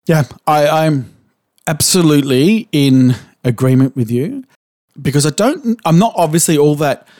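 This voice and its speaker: A man's voice: fairly high pitch, lively intonation, moderate pace, darkish tone, no echo, studio quality. A man co-hosting a podcast, chatting casually and animatedly, asking probing questions and swearing now and then. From Australia. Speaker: podcast co-host. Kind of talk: casual chat.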